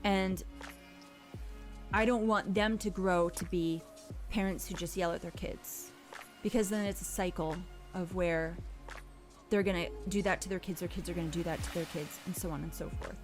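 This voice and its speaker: A woman, a parent, hosting a casual livestream chat, giving earnest, gentle advice and reading viewers' messages aloud. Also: lowish voice, steady tone, moderate pace, soft background music. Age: adult parent. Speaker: livestream host.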